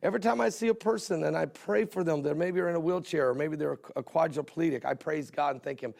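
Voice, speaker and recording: Gravelly-voiced man preaching folksy stories. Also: a little high, fast, hardly any pauses, darkish tone. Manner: conversational, repeats phrases for emphasis. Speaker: host of a Christian television broadcast. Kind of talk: folksy sermon storytelling.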